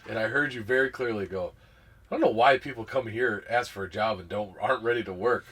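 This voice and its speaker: A man's voice: on the low side, brisk, fairly bright tone, breathy edge. A man co-hosting a podcast, telling a rambling workplace story in casual chat and quoting what people said. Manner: rambling, retells scenes with quoted voices. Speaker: podcast co-host.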